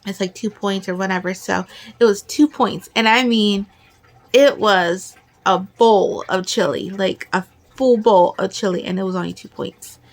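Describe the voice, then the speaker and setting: A middle-aged woman with a medium-pitched voice chats casually to the camera like a vlogger. She is excitable and rambling, at times speaking quickly and tripping over her words.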